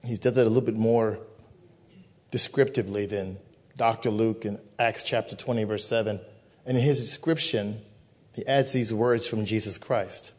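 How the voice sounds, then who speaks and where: A man's voice: fairly low pitch, steady tone, normal speed, darkish tone. A male pastor giving a communion sermon, repeating phrases with emphatic preaching cadence.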